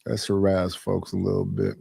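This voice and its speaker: Reaction streamer, male, gravelly and slow, mocking tone, dry close mic. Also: low voice, big pitch swings, mellow, dry recording. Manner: incredulous, mocking. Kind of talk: live reaction commentary.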